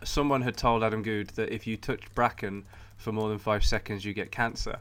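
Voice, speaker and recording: A man's voice: on the low side, steady tone, brisk, fairly bright tone. A man on a podcast, telling a school story in casual chat and laughing often.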